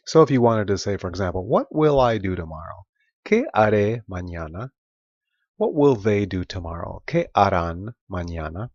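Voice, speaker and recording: Low-voiced man teaching Spanish grammar. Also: expressive, darkish tone, no echo. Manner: patient, explanatory, repeats example phrases slowly. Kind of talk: recorded grammar lesson. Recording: dull lo-fi sound, dry.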